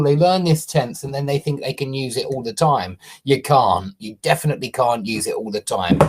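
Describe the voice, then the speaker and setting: Lively, husky-voiced grammar teacher. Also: medium pitch. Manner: emphatic, repeats key points, checks with "okay?" and "yeah?". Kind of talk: explanatory grammar lesson.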